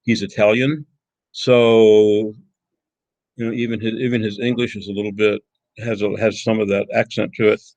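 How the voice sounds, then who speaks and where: A man teaching a college class, introducing a video in a halting way with many repeated words. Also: lowish voice, level tone, darkish tone, no room sound, lo-fi sound. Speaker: college lecturer.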